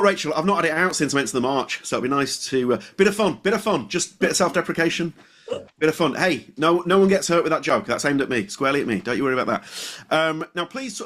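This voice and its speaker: A man's voice: on the high side, a bit bright. A middle-aged man from England hosting a comedy podcast, jokey and self-deprecating. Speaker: podcast host. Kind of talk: casual podcast chat.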